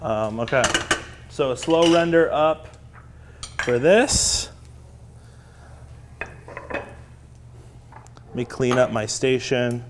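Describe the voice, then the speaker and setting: A man teaching a live cooking class. His talk is slow and chatty, upbeat and a little self-deprecating. Pans sizzle and cookware clatters faintly behind him in the kitchen. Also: medium pitch, expressive, background noise. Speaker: cooking instructor. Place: kitchen studio. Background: sizzling pan and clattering cookware.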